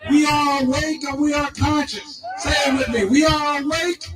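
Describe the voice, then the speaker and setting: High, flat-voiced man leading rally chants. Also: moderate pace, very noisy. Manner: shouted call-and-response, leads crowd chants. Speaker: rally emcee. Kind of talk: protest rally speech. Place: outdoor protest rally. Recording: distant mic, loud music and crowd.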